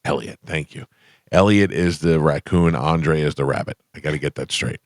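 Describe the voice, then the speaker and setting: Male radio host, low voice, loose banter, dry booth sound. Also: normal speed, dry recording. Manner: relaxed, joking banter. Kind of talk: casual morning radio chat. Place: radio studio.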